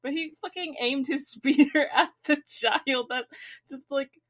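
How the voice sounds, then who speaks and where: Woman on a podcast, slightly high voice, swears and laughs, kinda rambly. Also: a little slow, a bit bright. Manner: loose, rambling, swearing, laughs while talking. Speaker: podcast co-host. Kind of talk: casual chat.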